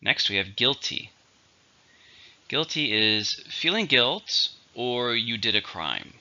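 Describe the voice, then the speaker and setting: A man teaching English vocabulary, slowly drilling each word's syllables and stress. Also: medium pitch, lively intonation, bright, forceful tone. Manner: clear, slow drilling of words and stress. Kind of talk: vocabulary lesson. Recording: dull lo-fi recording.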